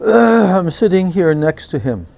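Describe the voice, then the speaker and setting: A man, a swami, recounting a personal memory in a slow and reverent devotional talk. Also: sits high, sing-song, vocal fry, darkish tone. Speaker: swami giving a spiritual talk. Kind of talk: devotional storytelling lecture.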